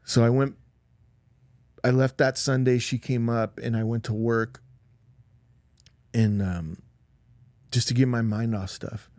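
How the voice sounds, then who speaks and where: A man's voice: mid-range voice, steady tone, takes it slowly, long pauses, a little mellow, dry recording. Middle-aged guy on a podcast telling his story, rambly, says like a lot, dry close sound. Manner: rambling, emotional, peppered with "like". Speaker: podcast guest. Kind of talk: casual conversational storytelling.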